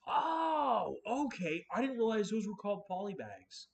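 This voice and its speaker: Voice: mid-range voice, very animated, unhurried, vocal fry. A livestream host chatting casually to himself while building Lego, often dropping to a mutter. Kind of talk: casual live-streamed building chat.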